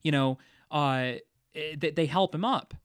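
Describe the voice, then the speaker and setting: A man's voice: on the high side, unhurried, fairly bright tone, clean tone, dry recording, clean studio sound. A man hosting a casual movie discussion, chatty, with frequent laughs and fillers. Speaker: podcast host.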